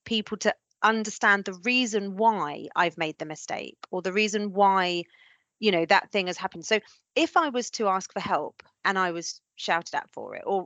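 A woman hosting a podcast, telling a personal story in an earnest, animated way during a frank conversation. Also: mid-range voice, dry recording. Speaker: podcast host.

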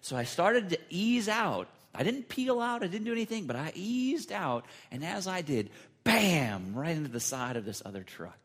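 A man's voice: high voice, big pitch swings, normal speed, hardly any pauses, fairly bright tone, breathy edge. A man preaching a sermon as pastor, telling a personal story in an earnest way.

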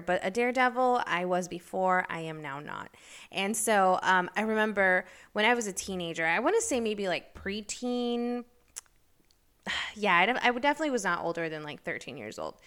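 A woman hosting her own podcast, telling stories in a chatty, rambling way with lots of fillers and bursts of excited, incredulous emphasis. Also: fairly low pitch. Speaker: podcast host. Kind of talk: casual solo podcast chat.

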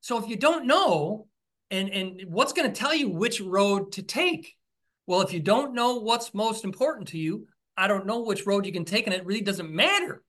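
A man's voice: sits high, lively intonation, normal speed, fairly bright tone. A man, an author being interviewed, talking enthusiastically and telling stories, often restarting his sentences. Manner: enthusiastic, storytelling, frequent restarts. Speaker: author and podcast host, interview guest. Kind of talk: conversational interview.

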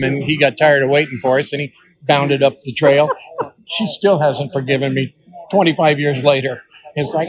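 Answering interview questions with stories, a range master in his later years recounts hunts folksily and mimics the people involved. His mid-range voice stays steady at a normal speed, though the audio is rough.

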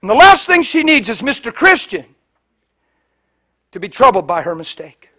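High-voiced man preaching, loud to hushed. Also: sing-song, normal speed. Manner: swings from loud preaching to hushed, near-whispered storytelling; acts out the people in his stories in quoted voices. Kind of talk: storytelling sermon.

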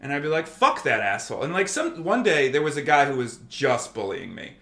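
A man in his thirties with a slightly raised voice tells army medic stories in a loose, profane, animated way. He quotes the people around him as he goes. The sound is echoey and roomy. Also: on the high side, a little fast, vocal fry. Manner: profane, animated storytelling that acts out quoted exchanges. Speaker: podcast guest, former army medic. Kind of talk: casual conversation.

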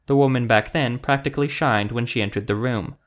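A man reading fantasy audiobook narration in a steady, even storytelling manner. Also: mid-range voice, brisk.

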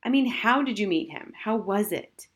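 A woman's voice: mid-range voice, animated, moderate pace, pitched above the performer's own voice, lightly acted. A woman voicing a curious, blunt eleven-year-old girl who pesters with questions in a storybook reading.

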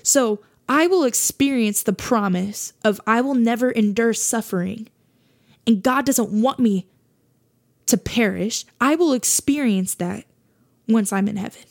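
A woman's voice: fairly high pitch, a little mellow. A woman hosting a faith podcast, talking earnestly in a monologue and repeating her points for emphasis. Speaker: podcast host.

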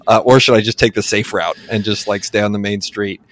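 A man's voice: lowish voice, fairly even intonation, fairly quick, fairly bright tone. A man in his late forties from San Antonio, talking casually as a guest, rambling with many fillers and restarts. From San Antonio, Texas. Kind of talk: casual conversation.

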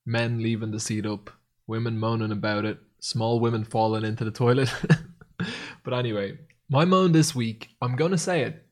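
A podcast co-host chats casually, rambling and animated, with plenty of swearing. He has a mid-range voice and keeps a moderate pace.

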